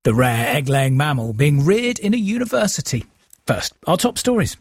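A man presenting the news headlines in a brisk, formal way. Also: fairly high pitch, animated, husky, no echo, studio quality.

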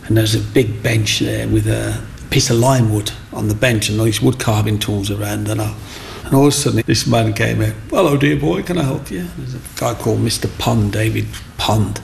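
A middle-aged man, telling his life story in an interview in a chatty, animated way. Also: lowish voice, moderate pace, gravelly, slight background noise. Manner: chatty, animated, acts out voices in anecdotes. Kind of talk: personal storytelling.

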